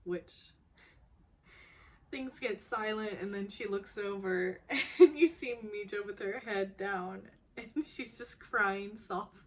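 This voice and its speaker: A woman talks through a drama recap at an unhurried, drawn-out pace, her voice sitting at an ordinary middle height. She keeps it casual and chatty, breaking into laughter often as she goes. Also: medium pitch.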